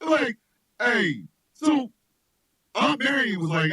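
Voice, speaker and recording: This man hosts a radio show and spins rambling comic stories in a high voice that swoops up and down. He laughs a lot and shouts whenever a story peaks. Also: measured pace, pauses often, husky, no room sound, rough recording. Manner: loud, laughing, animated storyteller who shouts punchlines. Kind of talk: loose comedic chat with storytelling.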